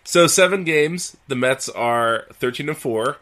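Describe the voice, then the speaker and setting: A man hosts a podcast in an easygoing, conversational manner. He tells stories at a relaxed pace and keeps the talk moving. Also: medium pitch, a little slow. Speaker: podcast host. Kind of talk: casual podcast chat.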